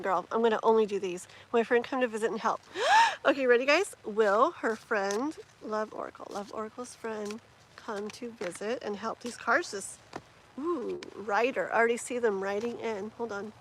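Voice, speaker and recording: A woman's voice: fairly high pitch, moderate pace, slight background noise, rough recording. Chatty woman doing live tarot readings. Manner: chatty, rambling, many fillers. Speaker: tarot reader.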